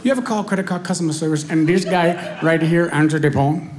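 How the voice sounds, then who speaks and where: High voice comic guy on stage, animated story, noisy live recording. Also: fairly quick. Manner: animated storytelling, addresses crowd. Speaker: stand-up comedian. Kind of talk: stand-up comedy. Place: comedy club stage.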